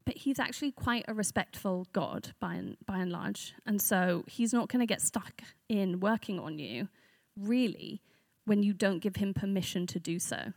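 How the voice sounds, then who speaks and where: A woman's voice: mid-range voice, gravelly, darkish tone, dry recording, studio quality. A woman giving a conversational sermon to a church group, earnest and reflective, speaking off the cuff.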